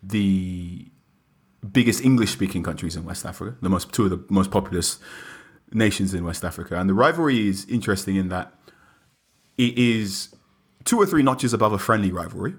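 A man reporting on the line for a sports show, explaining in a measured way with frequent pauses. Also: deep voice, animated, breathy edge. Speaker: correspondent on the line. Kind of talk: explaining in a conversational interview.

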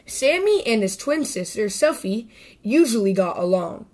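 A woman hosting a children's story podcast, reading a picture book aloud in a bright, lively voice. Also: on the high side, measured pace, a little hiss or hum.

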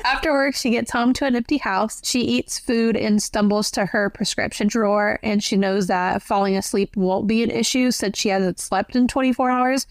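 A woman's voice: fairly high pitch, fairly even intonation, moderate pace, few pauses, no echo. Chatty woman recapping a novel. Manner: conversational storytelling with frequent "like". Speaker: podcast co-host. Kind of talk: casual book recap.

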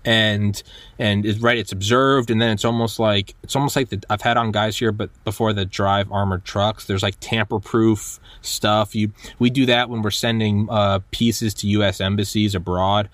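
A man hosting a podcast, telling stories in a lively, animated way and acting out quotes. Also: fairly low pitch, moderate pace, no echo. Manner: animated storyteller, acts out quotes, many restarts. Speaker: podcast host. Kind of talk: casual conversation.

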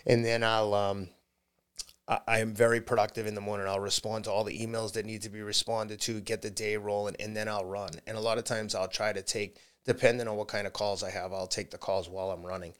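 Low-voiced man, runner guest on a podcast, candid and easygoing, laughs between points. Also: flat delivery, brisk, clear, resonant tone. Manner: candid, laughs often, slips into quoted voices. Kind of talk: casual interview talk.

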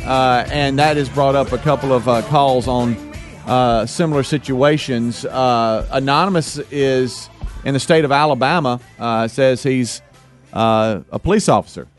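A man's voice: medium pitch, unhurried, faint music behind. A man hosting a talk radio show, talking casually with lots of fillers.

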